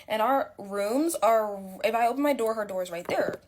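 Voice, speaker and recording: A woman's voice: on the high side, normal speed, darkish tone, a little hiss or hum. A young woman telling a story casually, chatty with lots of fillers and dramatic swings in her voice.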